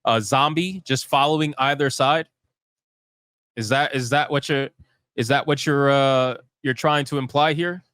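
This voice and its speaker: A man's voice: medium pitch, steady tone, a little slow, a bit bright, smooth, dry recording, studio quality. A man hosting a live stream, giving heated, profane commentary in a fired-up, emphatic way.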